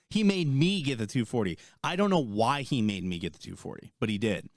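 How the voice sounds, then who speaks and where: A young man in casual podcast chat, swearing freely as he rambles through an army story. His voice sits mid-range and is recorded close and dry, with no room sound. He gets louder and higher when he acts out the quarrel. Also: fairly quick, few pauses, no echo. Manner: rambling, profane, animated when retelling. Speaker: podcast co-host, army veteran.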